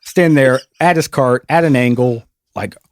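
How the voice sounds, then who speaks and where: A man's voice: mid-range voice, normal speed, no room sound. A man hosting a podcast, telling an awkward story in a casual, self-mocking way and laughing easily. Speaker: podcast host.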